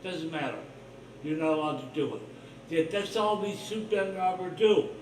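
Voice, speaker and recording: A man's voice: high-pitched, moderate pace, distant mic, slight background noise. A man hosting his own livestream, talking in a rambling, blunt, profane monologue full of suspicion. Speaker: livestream host. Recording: roomy echo, voice off-mic, faint ambience.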